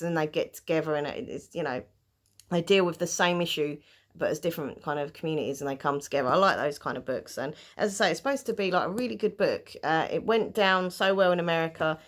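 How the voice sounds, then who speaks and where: A woman from the UK chatting enthusiastically through a book haul, reading back-cover blurbs aloud and laughing off her slips. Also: deep voice. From United Kingdom. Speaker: book vlogger.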